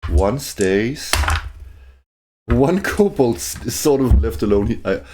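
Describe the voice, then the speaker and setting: A man narrating his own solo tabletop game, thinking aloud in a hesitant way, with many fillers and restarts and quiet chuckles to himself. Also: mid-range voice, animated, slow, noisy background.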